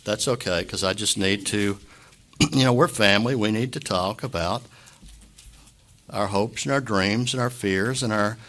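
A man pastor giving an impromptu sermon, earnest and emotional, halting often to clear his throat. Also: fairly low pitch, a bit bright.

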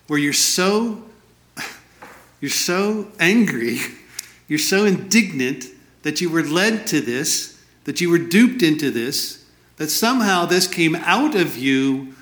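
A man's voice: fairly high pitch, fairly bright tone. Man preaching in an echoey room. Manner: earnest, explains slowly, reads scripture aloud. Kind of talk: sermon.

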